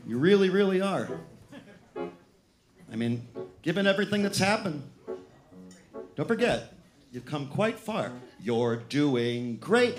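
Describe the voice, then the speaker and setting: A man's voice: a little high, sing-song, slow pace, pauses often. A man performing a wry, reassuring spoken-word comedy piece on a live club stage. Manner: reassuring, wry, sing-song. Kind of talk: rhythmic spoken-word comedy over music. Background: live instrumental music.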